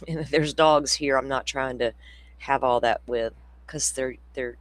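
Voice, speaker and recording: A man's voice: medium pitch, steady tone, unhurried, fairly bright tone. A man hosting a casual true crime livestream, rambling through stories, laughing often and swearing freely. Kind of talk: casual chat with viewers.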